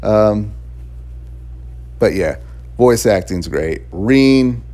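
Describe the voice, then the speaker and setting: Low-voiced man chatting through a review. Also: lively intonation, very slow, mellow. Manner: rambling and chatty, laughs often, fillers and restarts. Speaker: game reviewer. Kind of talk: casual spoken game review.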